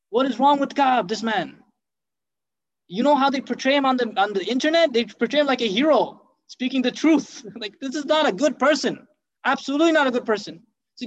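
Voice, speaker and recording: A man's voice: high-pitched, fast talker, dull audio. A man teaching by retelling a religious story, acting out what each person says. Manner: animated, acts out quotes in the story. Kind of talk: storytelling lesson.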